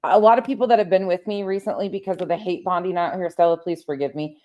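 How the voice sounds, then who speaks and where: A woman's voice: fairly low pitch, fairly even intonation, quick pace, a little mellow, muffled recording. A woman hosting a casual late-night livestream, talking straight to her viewers, swearing often and getting heated. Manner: paces around while talking. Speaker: livestream host reading chat.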